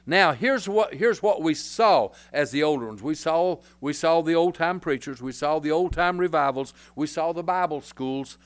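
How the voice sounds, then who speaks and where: An older man preaching a folksy, rambling sermon as pastor, breaking into loud hollers. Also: a little high, moderate pace, few pauses.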